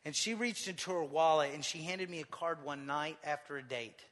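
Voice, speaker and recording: A man preaching a sermon as pastor. He moves from quiet personal storytelling into fervent, rising exhortation. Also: a little high, normal speed, long reverb tail.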